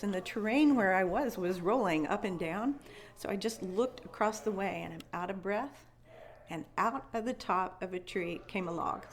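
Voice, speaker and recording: A woman at a conference telling an eerie first-person story with emotion, repeating and restarting words and acting out her own thoughts. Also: mid-range voice. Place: conference venue.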